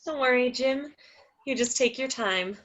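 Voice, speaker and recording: A woman doing a high, fluttery receptionist. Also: unhurried, a bit bright. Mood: gushing. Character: gushing, squeamish female receptionist. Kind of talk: live play reading.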